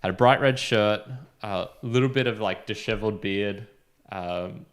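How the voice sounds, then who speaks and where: A man's voice: on the low side, unhurried. A young man co-hosting a podcast, telling a long anecdote in casual chat, full of fillers and acted-out quotes. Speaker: podcast co-host.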